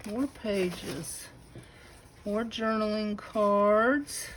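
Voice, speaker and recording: A woman with a Southern US accent showing a crafted notebook to her camera at home, gushing with admiration and slipping into breathy asides. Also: medium pitch, very slow, a little hiss or hum, low-quality recording. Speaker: craft channel host. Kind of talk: casual unboxing show-and-tell.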